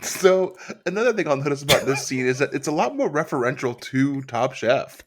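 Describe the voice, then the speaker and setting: Man, podcast co-host, casual chat, dry jokes, mid-pitched. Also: animated, brisk.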